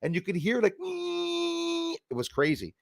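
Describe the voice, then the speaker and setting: Man, casual chat host, excitable storyteller, gravelly, dry close sound. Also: extremely high pitch, slow pace, no echo. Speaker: podcast host.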